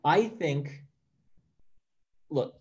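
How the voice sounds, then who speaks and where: A man's voice: a little high, extremely slow, darkish tone, lo-fi sound. A man co-hosting a podcast from his apartment, talking about films in an emphatic, enthusiastic way. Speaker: podcast co-host. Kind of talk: casual film discussion. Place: home apartment.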